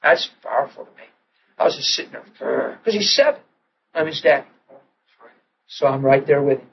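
A man preaching a sermon, telling a personal story with animated delivery and hushed, tender moments. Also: medium pitch, normal speed, gravelly, muffled recording, slight background noise. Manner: animated storyteller who acts out quotes and drops to a hush in tender moments.

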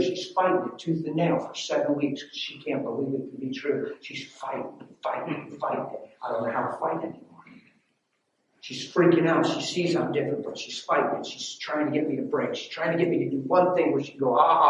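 A man preaching and telling his own testimony, emotional and storytelling, swinging between loud and hushed. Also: fairly high pitch, brisk, lo-fi sound. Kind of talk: sermon. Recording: echoey hall from far off with faint noise.

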